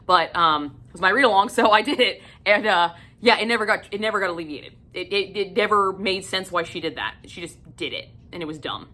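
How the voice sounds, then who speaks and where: A woman's voice: medium pitch, brisk, few pauses, sharp tone. A woman giving a casual, blunt and profane book review, venting in exasperated rants.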